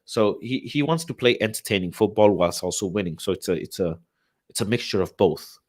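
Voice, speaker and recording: A man's voice: fairly low pitch, animated, a little fast. A man hosting a casual football live stream, talking in slang and repeating his phrases. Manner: chatty, uses slang, fillers and repeated phrases. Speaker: football channel host.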